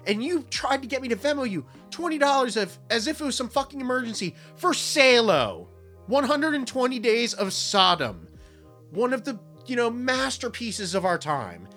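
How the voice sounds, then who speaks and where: A man's voice: very high-pitched, sing-song, moderate pace, pushed and bright, soft background music. A young man co-hosting a podcast, ranting in mock outrage and swearing through casual, tipsy banter. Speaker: podcast co-host.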